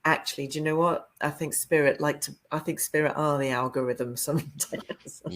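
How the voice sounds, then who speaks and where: A woman, a psychic medium, chatting casually and animatedly, often laughing and jumping up into a high voice to act out quotes. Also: steady tone, normal speed, a bit bright. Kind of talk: casual storytelling chat.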